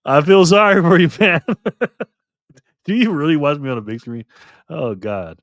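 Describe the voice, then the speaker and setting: A man's voice: on the high side, lively intonation, unhurried, long pauses, a bit bright, no room sound, studio quality. A man hosting a casual livestream, chatting and laughing as he reads viewer comments aloud. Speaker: livestream host.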